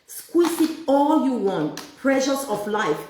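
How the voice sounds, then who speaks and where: Woman, faith group leader, sermon-style teaching, rhetorical questions, high-ish voice, roomy echo. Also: sing-song, takes it slowly, darkish tone, a little hiss or hum. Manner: rhetorical questions and call-and-response. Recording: echoey room, voice far from the mic.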